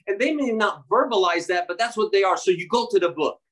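A man's voice: high voice, fast, hardly any pauses. Exuberant man preaching with fervor. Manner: exuberant, emphatic, bursts of shouting. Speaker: guest doctor. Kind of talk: fervent preaching in an interview.

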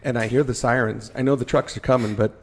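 A man telling a firefighting story in a casual podcast chat, animated and joking at his own expense. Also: mid-range voice, quick pace, a little hiss or hum. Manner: animated, acts out his own panicked thoughts, jokes at himself.

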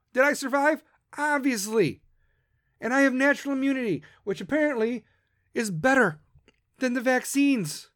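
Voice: mid-range voice, no room sound, clean studio sound. Profane, combative podcast ranter. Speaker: podcast host. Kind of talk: political rant.

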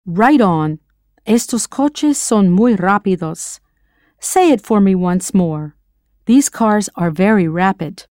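An encouraging American woman patiently prompts the listener to answer during a scripted audio language lesson. She is animated at a slow pace, with a dark tone and middle pitch. The recording is dry and close, with no surrounding room.

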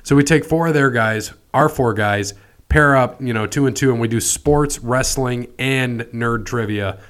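A man's voice: medium pitch, unhurried, fairly bright tone, clear, resonant tone. A man hosting a casual wrestling podcast, joking and laughing with his co-hosts. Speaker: podcast host. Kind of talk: casual chat.

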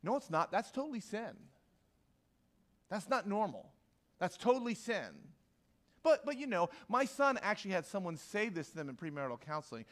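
A pastor with a high-sitting, somewhat bright voice preaches a conversational sermon to a live congregation in a church hall. At a normal speed and with big pitch swings, he repeats key lines for emphasis and acts out quoted voices.

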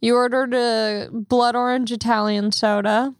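Young woman podcaster, quick chatty storyteller, fairly high voice, dry mic. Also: no echo. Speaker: podcast host. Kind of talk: casual chat.

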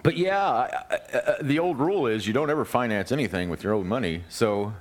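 Lively rambling male radio host. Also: mid-range voice, a little fast. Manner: laughs often, rambling with fillers. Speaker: podcast host. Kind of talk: casual radio chat.

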